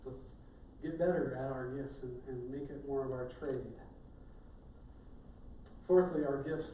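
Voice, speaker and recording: A man's voice: medium pitch, steady tone, unhurried, long pauses, mellow, a little hiss or hum. A middle-aged male pastor giving a sermon in a conversational, joking way. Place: church sanctuary. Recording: echoey church room, distant mic.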